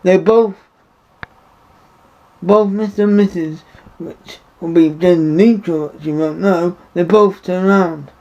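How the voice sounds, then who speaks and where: A man's voice: sits high, unhurried, pauses often, darkish tone. A man giving a rambling, indignant opinion monologue to camera. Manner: rambling, repeats himself, indignant. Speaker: vlogger. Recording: dull lo-fi recording.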